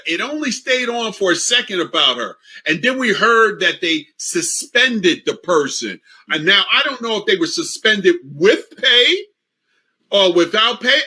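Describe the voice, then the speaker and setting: A talk show host speaks to his panel and viewers in a loose, casual way, calling out to everyone as y'all. His voice sits high and rings very bright. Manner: casual, addresses audience as y'all.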